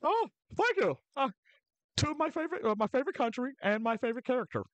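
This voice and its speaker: A man putting on a high, squeaky mock-British voice as a pompous male streaming etiquette gentleman, giggly and flustered while commenting on his game. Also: sing-song, quick pace, no room sound, lo-fi sound. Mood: playful. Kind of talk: live gameplay commentary in character.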